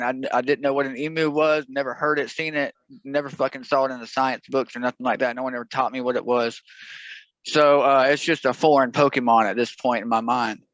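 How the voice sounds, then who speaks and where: A man's voice: mid-range voice, fairly bright tone, dry recording, lo-fi sound. A young man telling a rambling, profane, jokey story in a casual podcast chat.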